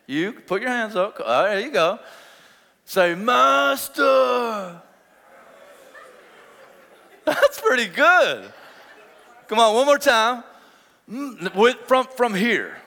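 A man's voice: high voice, big pitch swings, slow pace, pauses often, pushed and bright. A young adult man preaching a sermon as pastor, impassioned and drawing the congregation in. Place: church. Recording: long reverb of a church hall.

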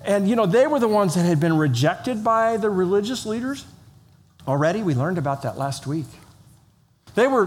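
A man preaching a sermon as pastor, animated, acting out the voices of the people in his story. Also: high-pitched, long reverb tail. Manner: animated, acts out voices of biblical figures.

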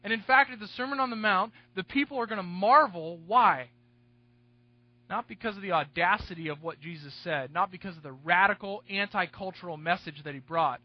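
A man preaching an expository sermon to his congregation, stressing key words loudly and then dropping into hushed asides. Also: high voice, fairly quick, dry recording. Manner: emphatic, swinging between loud stresses and hushed asides. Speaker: pastor. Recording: dull, dry, slightly lo-fi recording.

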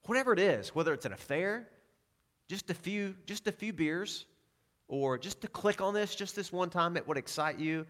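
A man's voice: sits high, lively intonation, moderate pace, a bit bright. Conversational man preaching a sermon. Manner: conversational, storytelling with self-deprecating asides. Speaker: pastor.

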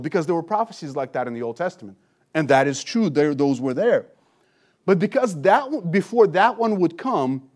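A man's voice: sits high, darkish tone. A man preaching an expository sermon, teaching with emphasis and rhetorical questions. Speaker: pastor.

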